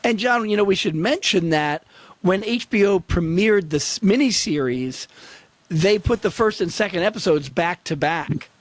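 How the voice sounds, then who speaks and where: A man's voice: sits high, animated, moderate pace, no room sound. A man co-hosting a casual history discussion over a video call, explaining slang terms with examples. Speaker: podcast co-host.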